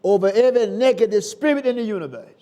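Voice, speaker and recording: A man preaching a sermon in a folksy, dramatic way, moving from shouts to hushed tones. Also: sits high, quick pace. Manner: folksy, colloquial.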